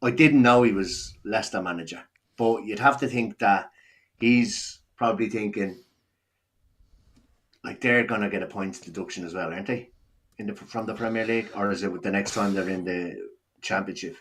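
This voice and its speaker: A man's voice: on the low side, normal speed, a bit bright. A man with an Irish accent co-hosting a casual football chat, easygoing and chipping in short remarks. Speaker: podcast co-host.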